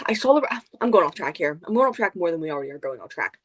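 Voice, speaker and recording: A woman with a fairly low voice chats casually on a book club livestream over a video call. She talks in animated, rambling bursts and wanders off track. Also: fast talker, slightly rough. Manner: animated, rambling, goes off on tangents.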